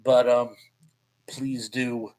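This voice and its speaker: A man's voice: mid-range voice, flat delivery, very slow, mellow, low-quality recording. A man in his fifties hosting a live stream in a casual, chatty way, reading viewer comments aloud and laughing often. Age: 50s.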